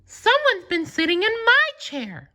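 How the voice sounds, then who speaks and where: A man doing a calm mother bear. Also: very high voice, unhurried, voice pushed up, heavily acted.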